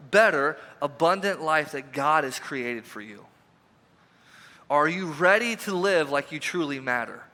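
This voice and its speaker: A pastor giving a conversational, emphatic sermon, asking the congregation repeated questions, recorded in a church sanctuary. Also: male voice, a little high, sharp tone. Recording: reverberant church hall.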